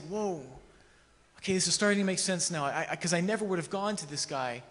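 A man's voice: on the high side, fairly bright tone. A male pastor preaching a sermon in a church, talking conversationally and acting out quoted dialogue with humor. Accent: Canadian English. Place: church sanctuary. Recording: long church hall reverb.

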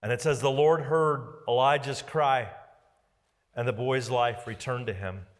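A male pastor preaching a sermon dramatically, swinging from loud declarations to hushed near-whispers. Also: mid-range voice, steady tone, measured pace, big-room sound. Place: church sanctuary.

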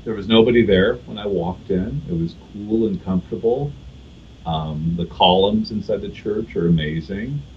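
A man from California, a guest on a podcast, recounting his travels in a measured, thoughtful way with frequent fillers. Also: on the low side, dull audio, a little hiss or hum. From California, USA. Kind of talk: casual podcast interview.

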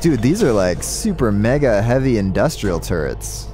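A man streaming a puzzle game live, talking through it in an excitable, joking way and thinking aloud. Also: mid-range voice, normal speed, few pauses, over music. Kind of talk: live gameplay commentary.

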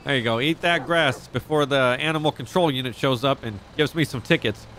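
A man's voice: mid-range voice, fairly quick, a bit bright, slight background noise. A man chatting in character in a roleplay game, brash and profane but easygoing. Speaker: roleplay streamer playing a rich animal owner.

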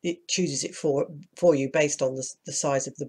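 A speaker, croaky from hay fever, walking through a self-publishing process step by step in a screen-recorded tutorial. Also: mid-range voice, fairly even intonation, normal speed, hardly any pauses, a little mellow. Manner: practical, explains step by step, mild asides of annoyance.

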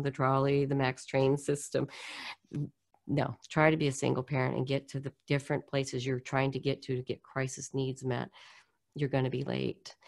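Low-voiced storytelling woman. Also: vocal fry. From United States. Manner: animated, acts out quoted voices. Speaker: guest speaker on poverty. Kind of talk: storytelling interview.

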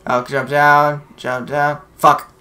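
A man hosting a let's play, giving casual gameplay commentary over a voice chat, with loud yelled reactions and lots of swearing. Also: fairly high pitch, slow, a loud crowd. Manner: excitable, yelling reactions, heavy swearing. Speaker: let's play host and player.

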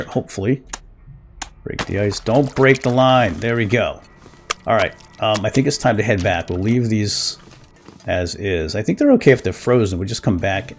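A man giving casual, chatty commentary while playing a survival game, getting excited over small wins and chuckling often. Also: low-pitched, slight background noise. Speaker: let's play gamer.

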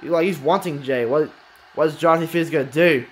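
A man with a high voice and a light lilt calls a wrestling video game match blow by blow. He is excitable, exclaims often and swears freely. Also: fast. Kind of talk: excited play-by-play commentary.

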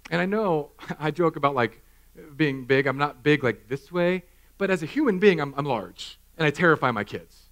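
Pastor guy preaching, fairly high voice, jokey and animated, acts stuff out. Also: moderate pace. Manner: animated, self-mocking, acts out scenes. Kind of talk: sermon. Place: church hall.

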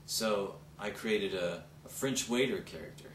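A man's voice: on the low side, measured pace, fairly bright tone, recorded from a distance, slight background noise. A man, an actor, narrating his career in an upbeat, showman-like way. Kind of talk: self-promo narration. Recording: echoey room, off-mic.

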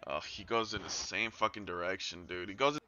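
A man commentating his own football video game as he plays, excitable and swearing, yelling at his players and groaning at their mistakes. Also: sits low, brisk, highs cut off. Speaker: gaming YouTuber. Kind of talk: live gameplay commentary.

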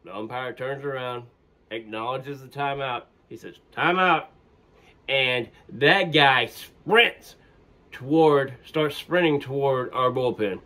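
A man's voice: medium pitch, slow, a bit bright. A man casually telling a personal story in a conversational way, with fillers and restarts.

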